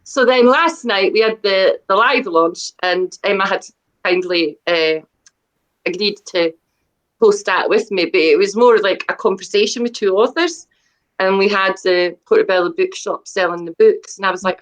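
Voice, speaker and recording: A woman's voice: medium pitch, normal speed, low-quality recording. A middle-aged woman, a debut author chatting as an interview guest, talking in a rambling, self-deprecating way with many fillers and restarts. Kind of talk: casual interview chat.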